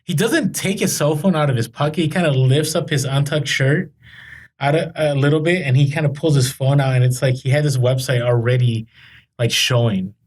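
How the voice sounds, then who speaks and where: A man's voice: medium pitch, normal speed. A man co-hosting a podcast, telling rambling stories in casual chat with lots of fillers and restarts. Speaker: podcast co-host.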